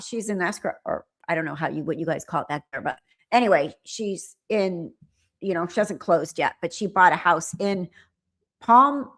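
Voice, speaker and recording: A middle-aged woman with a medium-pitched, slightly bright voice hosts a livestream. She chats casually with viewers, rambling and often trailing off before restarting.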